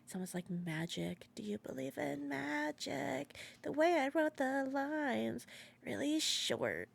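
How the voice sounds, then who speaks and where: Monika, a hushed calm schoolgirl, as a woman reads her aloud. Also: sits high, vocal fry, pitched above the performer's own voice, heavily acted. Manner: hushed, slow, half-whispered delivery. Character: soft-spoken teen girl club president, calm. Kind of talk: reading game dialogue aloud.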